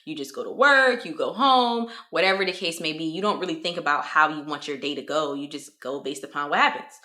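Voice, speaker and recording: A young woman vlogger giving a motivational talk to camera, animated, often acting out quoted voices. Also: sits low, a little fast. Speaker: lifestyle vlogger.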